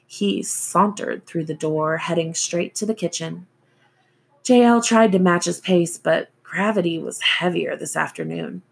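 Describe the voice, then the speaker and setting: A woman narrating a novel as an audiobook reader, in a slow, even storytelling manner. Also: lowish voice, gravelly, slightly rough.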